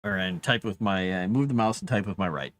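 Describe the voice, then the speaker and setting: A man streaming from his desk while he writes, chatting casually and trailing off into thought. His pitch moves around a lot, lifting and dropping from phrase to phrase. Now and then he turns to soothe and coax his dog. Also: sing-song, brisk, gravelly. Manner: talks softly to his dog between musings. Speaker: author streaming live writing. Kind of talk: casual live-stream chat.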